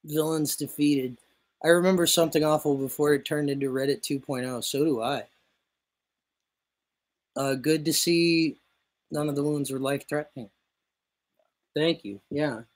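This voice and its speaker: A man's voice: fairly high pitch, steady tone, normal speed, pauses often, poor audio. A man on a casual podcast telling a long, profanity-laced anecdote in a rambling way. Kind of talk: casual storytelling chat.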